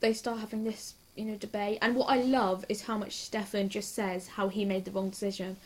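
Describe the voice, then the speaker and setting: A young woman chatting casually and excitedly about a TV episode, giggly and hyper, gushing and rambling from scene to scene. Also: medium pitch. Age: young adult. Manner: hyper, giggly and quick to gush. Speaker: TV reaction vlogger. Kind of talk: casual rambling reaction chat.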